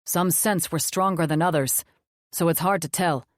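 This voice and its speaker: A woman voicing a quiet, probing demon wolf man who asks earnest questions. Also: fairly high pitch, moderate pace, no room sound, studio quality, natural voice.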